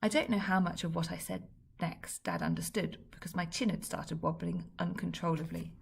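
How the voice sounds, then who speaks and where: A woman reading a children's book aloud in a wry, lively storytelling manner. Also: on the low side, normal speed, vocal fry, a little hiss or hum. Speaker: story reader.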